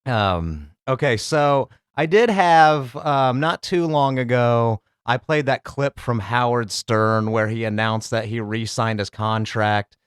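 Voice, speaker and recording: A man's voice: mid-range voice, slow pace, hardly any pauses, clean tone, no room sound, clean studio sound. A man hosting a comedy commentary show, rambling casually and crudely about clips. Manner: rambling, crude, laid-back.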